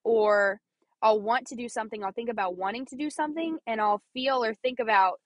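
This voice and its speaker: A woman's voice: on the high side, fairly quick, no echo, muffled recording. A young woman from Missouri hosting a podcast, talking earnestly and chattily about faith, often repeating herself and laughing. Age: young adult. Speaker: podcast host. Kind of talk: personal faith talk.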